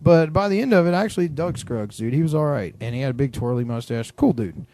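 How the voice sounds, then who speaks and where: A man's voice: mid-range voice, expressive, fast, warm tone, slight background noise. A young man co-hosting a podcast, telling crude school stories with lots of swearing and laughter. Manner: profane, laughing storyteller. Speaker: podcast co-host. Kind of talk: crude casual chat.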